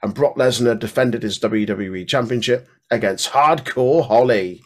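Male podcast co-host reading history trivia, casual, with fillers, average pitch. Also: normal speed. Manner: reads facts aloud with fillers and playful catchphrases. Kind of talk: reading wrestling history tidbits.

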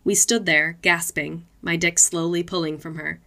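Bright-voiced woman narrating adult fiction. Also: lowish voice, fairly even intonation, moderate pace, gravelly. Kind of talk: reading adult fiction aloud.

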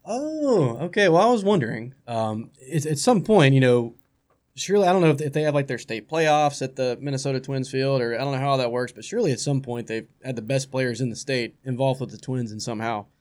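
Speaking briskly in a darkish, medium-pitched voice, a man appears as a guest baseball analyst on a sports talk show. He's chatty and casual and frequently starts his sentences over.

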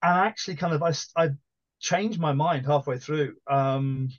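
A man talks through his pick on a book podcast, pausing and restarting often. The sound is dry and close. The audio is a bit muffled and lo-fi. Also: on the high side, no echo. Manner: hesitant, many fillers and restarts. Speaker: podcast co-host. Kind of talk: casual book discussion.

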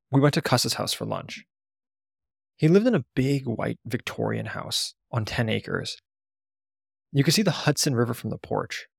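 A man's voice: mid-range voice, vocal fry, husky, no room sound, studio quality. A man narrating a first-person memoir in a blunt, profane storytelling manner.

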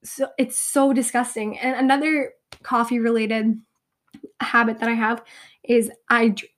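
Young woman, podcast host, slightly high voice, rambling casual chat, self-deprecating, hoarse voice. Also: little pitch movement, unhurried. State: losing her voice, slightly hoarse.

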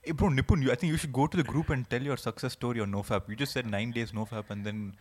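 Animated young man with crowd behind. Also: medium pitch, quick pace. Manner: animated, slangy storytelling. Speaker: podcast co-host. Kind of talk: casual chat among friends. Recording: crowd noise clearly heard behind.

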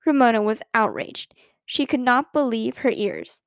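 A woman reads a children's storybook aloud with an expressive, lively delivery. Her voice is high and the sound is close and dry, with no room around it. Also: measured pace, creaky, dry recording. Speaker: narrator.

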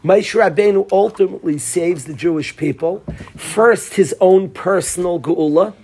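A man's voice: sits high, normal speed, darkish tone, slightly rough. A man teaching a Torah class, telling a story and quizzing his students by name.

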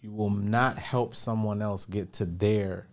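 A business coach appearing as a podcast guest tells a personal story and offers motivational advice, animatedly acting out the voices he quotes. His voice is on the low side and he speaks a little slowly.

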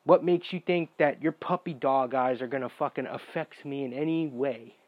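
A man's voice: medium pitch, moderate pace, no echo. Young man, casual storytime rant, profane and exasperated, dull dry lo-fi sound. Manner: profane, exasperated, bursts into shouting.

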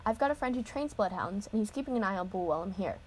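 Cheerful teasing dog-handler guy, read by a woman, easygoing, mid-pitched. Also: animated, rapid-fire, a little mellow, slight background noise, lightly acted, rough recording. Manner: playful, teasing.

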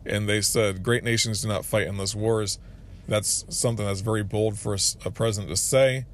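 A man's voice: fairly low pitch, a little hiss or hum. A man hosting a solo podcast, giving earnest political commentary, often restarting his phrases and reading quotes aloud. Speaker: podcast host.

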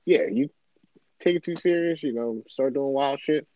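A man's voice: mid-range voice, normal speed, dull audio, crowd noise. A young man co-hosting a podcast, laid-back and slangy in casual chat. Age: young adult. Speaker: podcast co-host.

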